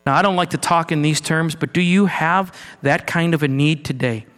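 A man preaching a sermon in a church, earnest, moving between raised urgency and low, hushed passages. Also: normal speed. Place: church sanctuary. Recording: long hall reverb with mains hum.

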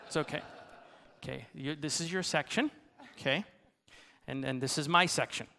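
A man's voice: fairly high pitch, normal speed, creaky, sharp tone. A man preaching as a pastor, playfully self-deprecating as he coaxes the congregation into a sung round. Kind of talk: sermon with congregational song leading. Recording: long reverb of a large hall.

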